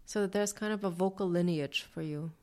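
A woman interviewer asking calm, measured questions about someone's voice. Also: lowish voice.

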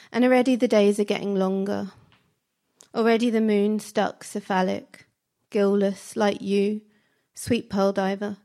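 A woman reciting spoken word poetry in slow, measured, fragmented phrases. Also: medium pitch, warm tone.

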